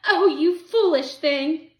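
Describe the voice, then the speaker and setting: A woman reading aloud voices a weary old woman who speaks softly and tenderly, raising her pitch for the part, in an echoey room. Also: expressive, normal speed, lo-fi sound. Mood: distraught. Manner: soft, tender pleading.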